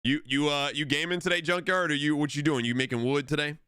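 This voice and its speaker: Young man streamer, loose swearing chatter, bright forceful voice, dry close mic. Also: a little high, fairly even intonation, fast talker, smooth, no echo. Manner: rambling, swearing, shouts out to chat. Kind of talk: casual live-stream chat. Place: home streaming setup. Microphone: desk microphone.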